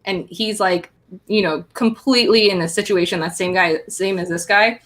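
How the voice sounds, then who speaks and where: A woman co-hosting a casual chat show, chatty and animated as she retells conversations. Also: medium pitch, normal speed. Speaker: co-host.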